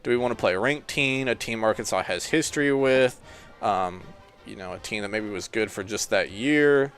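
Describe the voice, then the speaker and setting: A man's voice: lowish voice, normal speed, a bit bright, soft background music. A tired man talking casually as a gaming YouTuber, rambling and thinking aloud while clicking through game menus. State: tired and yawning. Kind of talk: casual gameplay commentary.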